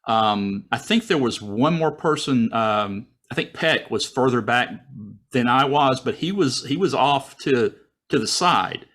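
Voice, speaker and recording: A man in a relaxed, chatty storytelling mode, talking over a video call. He jumps into a higher, livelier voice whenever he plays out his own thoughts from the story. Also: unhurried. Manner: animated, acts out his own thoughts in a raised voice. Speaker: guest storyteller. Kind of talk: casual personal storytelling.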